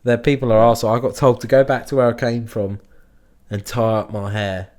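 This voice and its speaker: A young man in a casual podcast chat, telling a sweary, animated story and acting out the people in it. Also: mid-range voice, a little fast. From Liverpool area, England. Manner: sweary, animated anecdote-telling with acted quotes. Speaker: podcast host.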